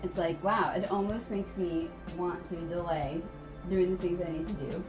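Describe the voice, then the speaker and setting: A woman's voice: on the low side, steady tone, normal speed, music in the background. A woman chatting casually and playfully on her husband's stream. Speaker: co-host, streamer's wife. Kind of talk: casual chat.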